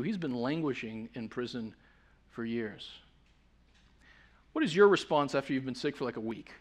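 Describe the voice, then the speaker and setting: A man preaching a sermon as pastor, earnest and emphatic, posing rhetorical questions. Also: fairly high pitch.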